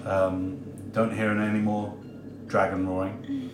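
A man's voice: on the low side, level tone, takes it slowly, background noise. A man running a tabletop game as game master, describing scenes unhurriedly with many fillers. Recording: roomy echo, distant mic.

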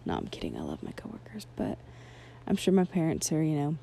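A woman's voice: sits low, wildly swooping pitch, brisk, creaky, dark tone, slight background noise. A young adult woman hosting a podcast, rambling from topic to topic in a self-deprecating comedic monologue with giggly asides. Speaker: podcast host.

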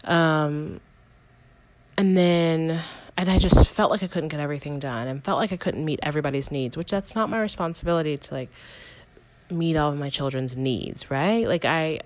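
A young woman talks through her week on her own podcast in a loose, rambling way, often correcting herself mid-sentence. Her voice sits on the low side. The recording is close and dry, with no room sound. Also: normal speed, dry recording, rough recording. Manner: rambling, candid, self-correcting with many "like"s. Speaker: podcast host. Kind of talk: casual personal podcast monologue.

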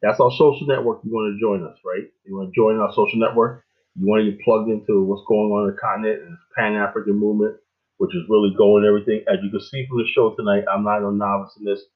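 A middle-aged man hosting a show, rambling in a casual monologue with lots of fillers and animated stories. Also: fairly low pitch, fast. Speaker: show host. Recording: tinny phone-like line.

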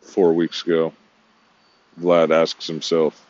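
A man's voice: deep voice, steady tone, a little slow, long pauses, muffled recording. A man talking to himself in a rambling, disjointed monologue, swearing now and then.

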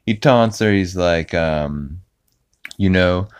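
Low-voiced guy rambling thru an episode recap, lots of ums and you-knows. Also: slow, clear, resonant tone. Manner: rambling, with many fillers and put-on character quotes. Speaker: podcast host.

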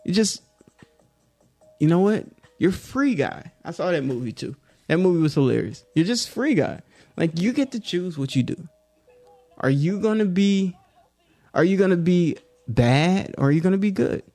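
A man's voice: high-pitched, animated, normal speed, warm tone, soft background music. A man giving a rambling, joking monologue as a video creator, drifting into clumsy freestyle rap. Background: hip-hop beat playing.

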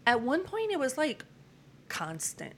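A woman's voice: high-pitched, a little slow. A young woman, chatting casually on a podcast about dating and filling her talk with "like". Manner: chatty, full of "like" fillers, quotes people in lively voices. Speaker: podcast guest. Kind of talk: casual chat.

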